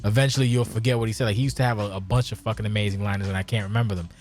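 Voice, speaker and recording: A man's voice: fairly low pitch, very fast. Rambling, profane podcast host man. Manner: rambling, profane, animated storytelling. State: tipsy. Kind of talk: casual chat.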